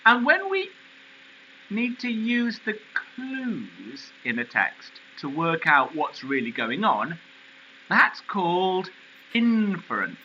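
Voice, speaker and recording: A male teacher explaining a poem in a recorded lesson, animated and questioning. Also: high voice, takes it slowly, highs cut off, a little hiss or hum.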